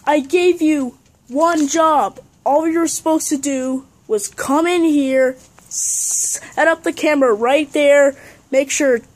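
A woman's voice: high voice, a little mellow. A woman playing a bossy, short-tempered young film director in an amateur comedy sketch, scolding and exasperated.

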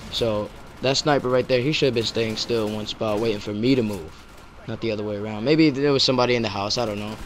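A man's voice: on the low side, fast, a little hiss or hum. Rambling male gameplay commentator. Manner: rambling and chatty, swears offhandedly. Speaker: gaming channel host.

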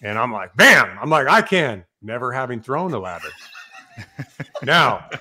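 Animated storytelling firefighter man. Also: medium pitch, measured pace. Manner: animated storyteller, swears, acts out quotes loudly. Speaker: podcast guest, fire captain. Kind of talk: casual storytelling.

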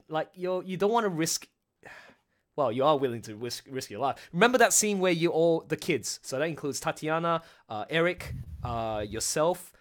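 A man hosting a casual livestream chat with voice actors, excitable and rambling, laughing often. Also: fairly high pitch. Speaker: livestream host.

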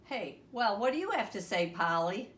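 A woman voicing a young boy frog in a read-aloud storybook, speaking high and eager. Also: big pitch swings, normal speed, a bit bright, a little hiss or hum. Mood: cheerful. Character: young boy frog, bouncy and easily worried. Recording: roomy, distant home recording.

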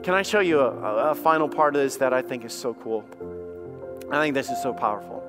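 A man's voice: animated, brisk, over music. A man preaching a sermon as pastor, impassioned, stammering over repeated words and acting out the voices of doubters. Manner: impassioned, acts out doubting voices with rising pitch.

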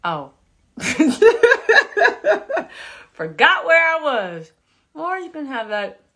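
A woman in her thirties talks to her viewers through a phone live stream from home. Her delivery is unhurried and loose, chatty, with laughing asides as she reads their comments. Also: high voice, very animated, bright, forceful tone. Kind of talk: casual chat reading viewer comments. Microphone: phone camera.

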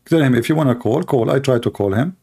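Middle-aged man, gravelly, emphatic livestream host. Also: mid-range voice, fast, warm tone. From Arab world. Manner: emphatic, repetitive, heated. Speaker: Christian apologist host. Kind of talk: livestream commentary.

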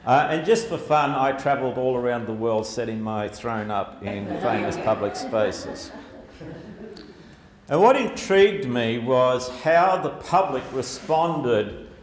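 An expressive, mid-range male voice at a measured pace belongs to an Australian man giving a casual, comic talk with slides. Lots of fillers come through, along with the echo and faint background noise of the lecture hall.

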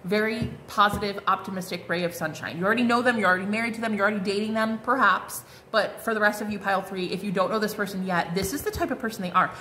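A woman's voice: medium pitch, fast, few pauses, bright, forceful tone, slight background noise. Bubbly chatty woman reading tarot. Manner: chatty, bubbly, lots of "like" and "oh my God". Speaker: tarot card reader.

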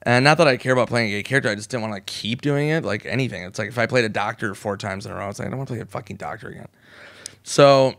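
A man in his forties from the United States tells stories as a podcast guest, swearing freely and slipping into quick voices for the people he quotes. His voice sits at a middling pitch. The sound is close and dry, with no room echo. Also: vocal fry, fairly bright tone. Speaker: guest comedian. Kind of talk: casual storytelling chat. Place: podcast studio.

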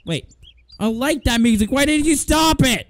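A young man giving loud, joking commentary while playing a horror game, swearing and laughing often. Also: extremely high pitch, expressive, moderate pace, creaky. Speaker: gaming video host. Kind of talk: let's play commentary. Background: game music.

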